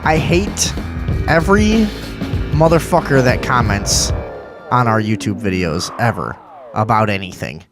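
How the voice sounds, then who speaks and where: A man's voice: on the low side, lively intonation, unhurried, music in the background. Profane ranting man hosting a talk show. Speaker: podcast host. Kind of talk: casual live talk show.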